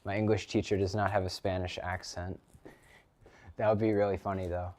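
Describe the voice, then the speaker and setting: A man's voice: deep voice, flat delivery, fairly quick, darkish tone, a little hiss or hum. A teenage boy chatting casually on a live stream from his garage, rambling with lots of ums and restarts. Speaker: livestreamer. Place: home garage.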